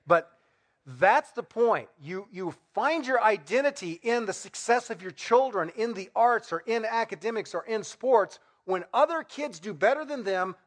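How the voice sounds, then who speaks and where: A man's voice: sits high, a bit bright. A middle-aged man preaching a sermon in a conversational way, asking rhetorical questions and acting out everyday examples. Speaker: pastor.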